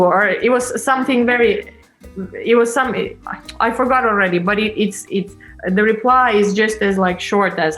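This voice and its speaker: Halting woman chatting. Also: mid-range voice, a bit bright, faint music behind. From Finland. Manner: halting, many fillers and restarts. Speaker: co-host. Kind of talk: casual chat.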